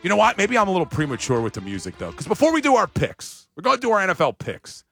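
A man hosting a sports talk show, talking casually and emphatically with big jumps in pitch. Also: wildly swooping pitch, quick pace, a bit bright, faint music behind.

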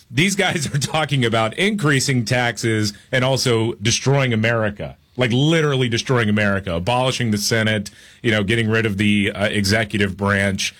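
A man's voice: fairly low pitch, fairly bright tone. A man co-hosting a talk radio show, opinionated and sarcastic in casual political chat. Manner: opinionated, sarcastic, fast asides.

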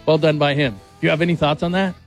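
A man hosting a sports talk radio show, energetic and rambling. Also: fairly high pitch, fast, soft background music.

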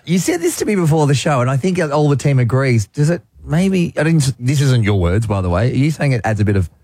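An easygoing Australian man chats on the radio with a slightly husky voice. He is relaxed and quick to laugh at himself. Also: mid-range voice. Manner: self-deprecating, easygoing. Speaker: radio intern. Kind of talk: casual radio chat.

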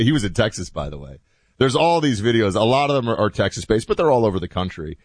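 A man hosting a talk show, chatting in a loose, animated monologue with asides that trail off quietly. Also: on the low side, fast talker, dry recording. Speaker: host.

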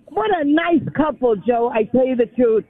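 A woman's voice: high voice, normal speed. A woman in her eighties from the Bronx, calling in to a radio show and chatting on, often repeating the host's name. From the Bronx, New York. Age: 80s. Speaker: phone-in caller. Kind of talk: casual phone chat. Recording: tinny phone line.

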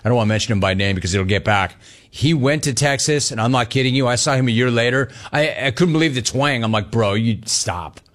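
Brash middle-aged sports radio host, quick joking banter, male, mid-low voice. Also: a bit bright. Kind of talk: call-in sports talk.

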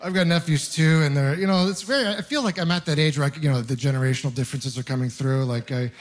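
A man's voice: on the high side, fast talker. A young man doing a stand-up comedy set, telling wry rambling stories and mocking himself. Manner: wry, rambling storytelling with self-mocking asides. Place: live comedy venue with audience laughter.

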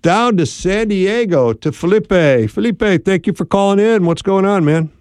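A man's voice: high-pitched, expressive, unhurried, a little mellow, no echo. Man, radio call-in host, dry studio mic, upbeat greetings, folksy advice.

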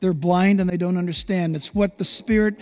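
Man, pastor, dramatic sermon storytelling, high voice, big reverberant hall. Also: brisk. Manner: animated, dramatic storytelling with acted-out quotes.

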